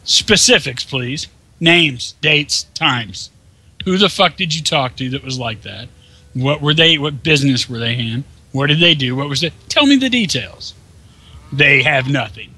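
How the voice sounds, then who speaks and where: A man's voice: medium pitch, a little slow, pushed and bright, breathy edge, dry recording, poor audio. A man ranting in casual chat over gameplay, swearing often and sounding incredulous. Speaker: gaming co-host.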